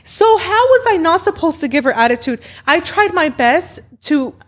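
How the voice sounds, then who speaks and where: A high-pitched woman recounts a bitter ordeal on a studio podcast, her voice quick and animated as she re-enacts arguments. She talks with raw conviction, quoting herself and others. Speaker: podcast guest. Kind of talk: emotional storytelling.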